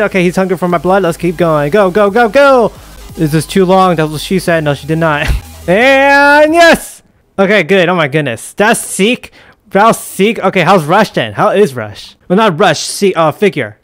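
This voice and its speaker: A man giving excitable let's play commentary, yelping and exclaiming at scares. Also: high voice. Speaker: gaming YouTuber.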